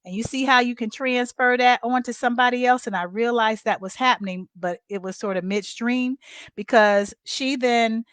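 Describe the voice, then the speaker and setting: A woman's voice: a little high, moderate pace, a bit bright, smooth, no echo. A middle-aged woman caregiver candidly telling viewers a personal story in a casual vlog. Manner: candid, conversational, addresses viewers as y'all. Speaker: family caregiver.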